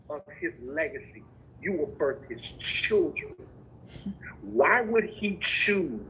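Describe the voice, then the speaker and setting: A man giving relationship advice to women in a measured, emphatic preaching style. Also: on the high side, bright, forceful tone, a little hiss or hum, rough recording. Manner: measured, emphatic, building phrase by phrase. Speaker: co-host.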